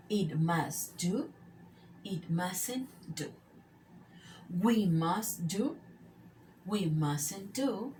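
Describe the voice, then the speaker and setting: A woman teacher, drilling English grammar examples one by one in a slow, deliberate recorded lesson. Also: mid-range voice, darkish tone, a little hiss or hum, rough recording. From Mexico.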